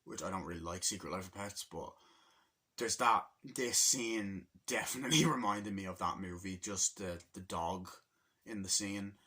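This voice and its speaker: A young man giving a rambling, excitable spoken movie review, acting out scenes from the film. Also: moderate pace, husky. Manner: rambling, excitable, acts out scenes in high voices.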